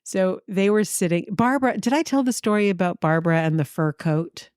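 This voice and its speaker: A middle-aged woman from New York, co-hosting a podcast and telling anecdotes in a casual, animated way, acting out the lines of the people in her stories. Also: fairly quick, clear, resonant tone, no room sound, clean studio sound. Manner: lively anecdotal, acts out quotes with big pitch jumps. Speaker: podcast co-host. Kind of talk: casual storytelling chat.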